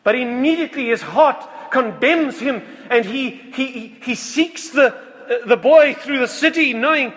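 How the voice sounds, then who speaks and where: A man preaching a sermon, retelling a story slowly and earnestly, often restarting his phrases. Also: very high-pitched, a bit bright. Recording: long hall reverb.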